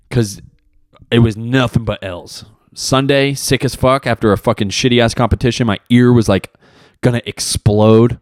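A man's voice: medium pitch, fairly even intonation, moderate pace, no room sound, studio quality. A young man hosting a solo podcast, talking in a rambling, profane, self-mocking way. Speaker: podcast host. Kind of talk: casual solo podcast monologue.

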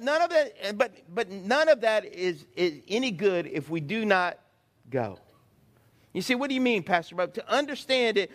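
Preacher guy, really high voice, acts out bits and calls to the crowd. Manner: animated preaching with acted-out voices and call-and-response. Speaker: pastor. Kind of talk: sermon.

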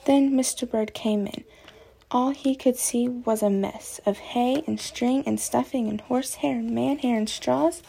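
A woman reading a children's story aloud in a slow, deliberate storybook cadence. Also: on the high side, vocal fry, dark tone, slight background noise. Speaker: story reader.

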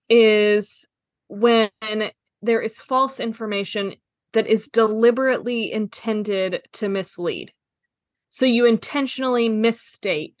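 Woman calmly explaining on a podcast. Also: mid-range voice, no echo. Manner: thoughtful, measured explanation with fillers. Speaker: podcast co-host explaining a topic. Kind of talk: casual chat, explaining.

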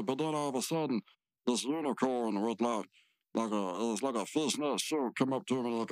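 A man's voice: fairly low pitch, moderate pace, a little mellow. A man co-hosting a podcast, recapping a cartoon in rambling, filler-heavy casual chat. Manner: rambling, repetitive, lots of fillers. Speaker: podcast co-host.

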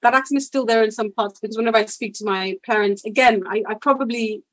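A woman's voice: a little high, fast, dry recording, low-quality recording. A woman born in India talking as a podcast guest in casual interview conversation, reflective and full of fillers and restarts, laughing often.

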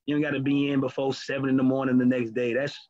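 A man's voice: medium pitch, fast talker. Candid, profane man, muffled lo-fi sound. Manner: candid, profane, animated storytelling. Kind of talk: casual chat. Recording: lo-fi muffled recording.

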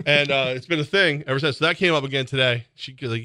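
A man hosting a sports radio show, excitable and rambling, often laughing as he talks. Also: mid-range voice, quick pace, dry recording, studio quality. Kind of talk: casual sports radio banter. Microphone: studio microphone.

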